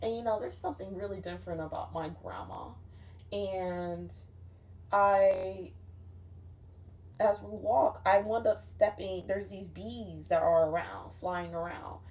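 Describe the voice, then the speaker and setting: A young woman with a medium-pitched, darkish voice tells her vlog audience about a dream, unhurried and steady in tone. Her account rambles, is heavy on swearing and full of "like."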